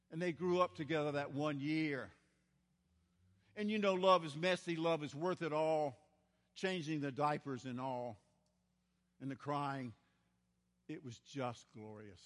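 Older preacher guy, high voice, slow and folksy, big church echo. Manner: storytelling, folksy, dramatic swings in loudness. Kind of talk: sermon. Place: large church. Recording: church hall with long reverb.

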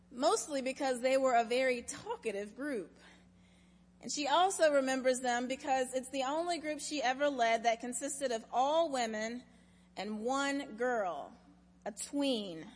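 A woman pastor giving a sermon, telling a story in a measured, expressive way, in a church sanctuary. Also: sits high, long reverb tail.

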